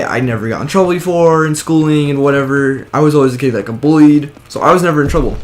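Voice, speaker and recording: A young man telling a story in a casual, rambling way, filling it with "like" and "whatever.". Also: medium pitch. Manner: rambling, drops "like" and "whatever" everywhere. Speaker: vlogger. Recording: steady background noise.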